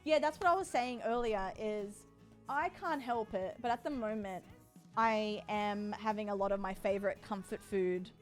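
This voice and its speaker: A woman's voice: mid-range voice, normal speed, faint music behind. A woman streaming, chatting casually with viewers in a bubbly, playful way. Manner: bubbly and playful, talks to chat. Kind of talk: casual sponsored livestream chat.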